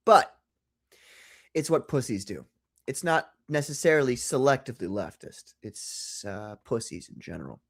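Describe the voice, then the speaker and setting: Man, livestream host, profane rants, frequent laughter, lively swooping pitch. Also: normal speed, vocal fry. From United States. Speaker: podcast host. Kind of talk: casual livestream chat.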